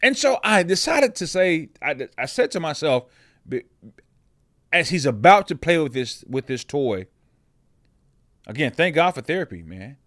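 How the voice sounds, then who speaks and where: A man's voice: on the high side, very animated, measured pace, pauses often, a bit bright, dry recording. Heavy-voiced man musing, dry close sound. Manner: conversational, often ends thoughts with "right?"; frequent restarts and repeated words. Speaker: podcast host. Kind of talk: reflective personal monologue.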